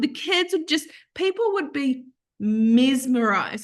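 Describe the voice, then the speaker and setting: A woman guest on a podcast, telling an emotional personal story in an animated, earnest way and acting out what other people said. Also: sits high, moderate pace. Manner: earnest, open about grief.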